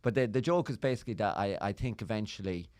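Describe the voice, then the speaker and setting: A man's voice: lowish voice, quick pace, no room sound, studio quality. A man with an Irish accent, a comedian co-hosting a podcast, telling jokey stories and teasing his guest. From Ireland. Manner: animated, teasing, jokey storyteller. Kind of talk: casual podcast chat.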